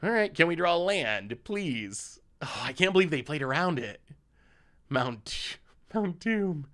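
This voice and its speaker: Man with lively pitch, thinking aloud. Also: unhurried. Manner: reactive, thinks aloud, thanks subscribers. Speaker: streamer playing a card game. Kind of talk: live gameplay commentary.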